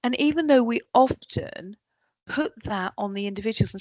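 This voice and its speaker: A woman's voice: on the high side, normal speed, no room sound. A woman giving a leadership workshop talk, often acting out what colleagues say. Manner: lively, acts out quoted colleagues. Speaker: workshop trainer.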